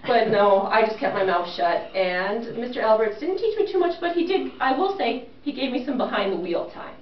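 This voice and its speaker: A fairly high-voiced woman tells a humorous personal story, self-mocking and animated. She acts out the lines of the people in her tale. She sounds set back from the mic in an echoey room, on a dull recording with faint hiss. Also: moderate pace, recorded from a distance. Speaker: speaker telling a personal story.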